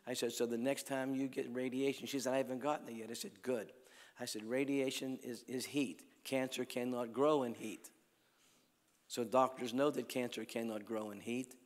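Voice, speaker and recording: A man preaching at a healing crusade, telling stories and swinging between loud calls to the crowd and hushed lines. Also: mid-range voice. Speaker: evangelist preacher. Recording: long hall reverb.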